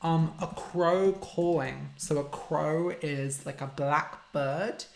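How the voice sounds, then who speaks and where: A man's voice: a little high, takes it slowly, vocal fry, slight background noise. A man, a language teacher hosting a casual live-stream Q&A, reading out viewer questions and explaining simple words for learners. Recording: roomy echo.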